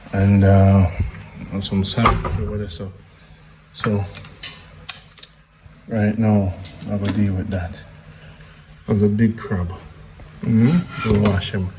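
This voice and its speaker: A man with a Jamaican accent, hosting a casual vlog and chatting to himself as he works around his yard and kitchen. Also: fairly low pitch. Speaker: vlog host. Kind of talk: casual outdoor vlog talk. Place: backyard and home kitchen. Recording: noisy outdoor background.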